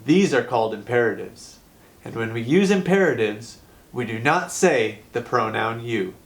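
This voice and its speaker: Speaking at medium pitch in an animated manner, a man gives learners a scripted English lesson, explaining grammar deliberately and clearly.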